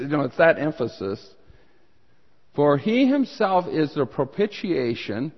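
A man's voice: a little high, big pitch swings, unhurried, husky. A man preaching a sermon as pastor, earnest and rising in emphasis when he reads scripture. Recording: dull sound with long hall reverb.

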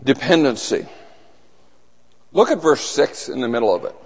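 A man preaching a sermon to a small group, husky and losing his voice, earnest and building to urgent emphasis. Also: mid-range voice, animated, moderate pace. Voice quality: husky, throat-clearing. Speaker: pastor. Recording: long hall reverb.

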